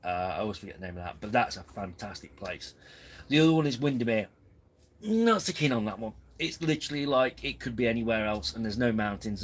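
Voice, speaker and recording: Live from inside his tent, a man with a lowish voice rambles self-deprecatingly to his camping channel audience. A tripod-mounted camera picks him up, and the low-quality audio carries a little hiss or hum.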